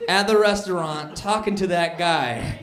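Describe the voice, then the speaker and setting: Telling stories at a measured pace, a male stand-up comic stays animated, his pitch shooting up high and excited as he acts out scenes. The recording captures an echoey club room where the audience laughs along.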